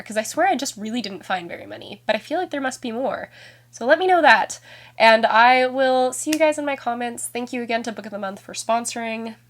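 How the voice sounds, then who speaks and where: A woman in her twenties chatting casually on her vlog, her voice stuffy and nasal from being sick, rambling and correcting herself as she goes. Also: fairly high pitch. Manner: rambling and self-correcting, frequent laughs. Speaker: book vlogger.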